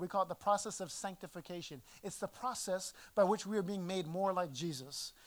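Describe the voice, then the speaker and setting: Fast-talking pastor preaching a sermon. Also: male voice, high-pitched. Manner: conversational, repeats phrases for emphasis.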